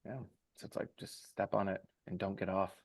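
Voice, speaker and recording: A man's voice: deep voice, little pitch movement, brisk, a little mellow. Profane, fired-up man on a podcast. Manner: profane, emphatic, motivational rambling. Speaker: podcast co-host. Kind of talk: casual podcast chat.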